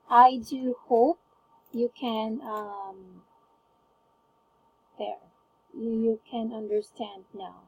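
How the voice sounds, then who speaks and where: Her voice is on the high side and husky, captured in a rough recording. During a one-on-one online English lesson she patiently prompts a student to read words aloud, offering encouragement and frequent praise for each attempt.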